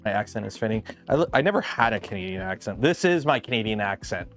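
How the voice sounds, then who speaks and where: A man's voice: lowish voice, very animated, quick pace, fairly bright tone, faint music behind. Chatty man rambling through a garage build. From lives south of Detroit. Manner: rambling, chatty, many ums and restarts. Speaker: livestream host building a 3D printer. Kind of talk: casual livestream chat. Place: garage workshop.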